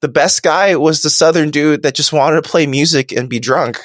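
A man co-hosting a podcast in casual chat, animated and laughing often, with some swearing. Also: fairly high pitch, normal speed, dry recording, clean studio sound. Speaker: podcast co-host.

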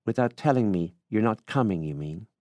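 A man's voice: lowish voice, animated, brisk, darkish tone, no room sound, close to an everyday voice. A man reading a literary story, voicing an impatient middle-aged Irish woman who owns land, in a curt, cross way.

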